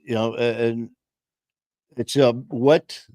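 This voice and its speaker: A podcast host speaks slowly in a medium, slightly mellow voice with fairly even intonation. On his streamed talk show he rambles casually through stories, using frequent fillers, some swearing, and laughter at his own tales, recorded via a home streaming setup with clean studio sound and no room sound.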